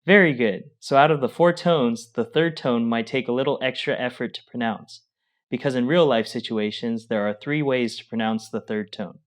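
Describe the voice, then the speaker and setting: A man's voice: mid-range voice, moderate pace. A man co-hosting a language lesson, explaining the material and encouraging the learners. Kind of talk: instructional explanation.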